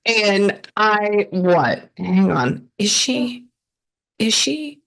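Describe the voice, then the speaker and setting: A woman's voice: mid-range voice, extremely slow, vocal fry, rough recording. A woman working as a spirit medium, talking animatedly during a reading, often breaking off mid-sentence with sudden exclamations. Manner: animated, interrupts herself, exclaims. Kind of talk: live reading session with a client.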